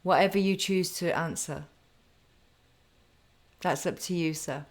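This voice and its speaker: A woman's voice: fairly low pitch, measured pace. A woman hosting a casual podcast interview, asking her guest questions and encouraging him. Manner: laughs often, encouraging interviewer. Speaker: podcast host.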